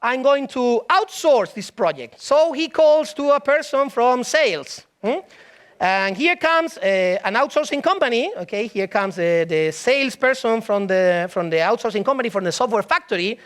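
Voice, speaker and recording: A man giving a comic conference talk, telling a story and acting out the people in it with quick put-on voices. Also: very high-pitched, clean tone. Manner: animated storytelling, puts on voices for characters. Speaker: conference speaker. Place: conference stage.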